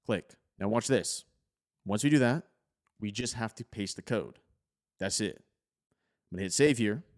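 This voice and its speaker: A man hosting a casual screen-recording tech tutorial, talking in a relaxed, conversational way with plenty of "like". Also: fairly low pitch, normal speed.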